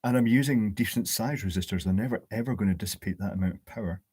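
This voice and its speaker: A man building a high-voltage circuit live at his workbench, thinking aloud, answering viewers' chat and dropping dry jokes. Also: fast talker, darkish tone, husky. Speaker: electronics hobbyist host. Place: home electronics workbench.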